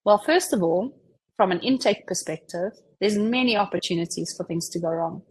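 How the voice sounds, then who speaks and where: A woman giving a conversational webinar presentation, chatty and relaxed, who often says "you know" and acts out example dialogues. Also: medium pitch, normal speed, slightly rough, poor audio.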